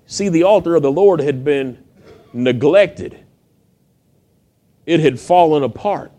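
This male pastor's voice is a little high, and he takes his time, speaking slowly. During his sermon he tells a Bible story in an animated, conversational style, giving each character their own voice.

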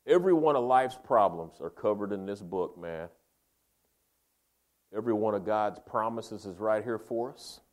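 A man preaching a sermon, folksy and emphatic, calling his listeners "man" and "baby", swinging between loud emphasis and quiet, slow lines. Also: fairly low pitch.

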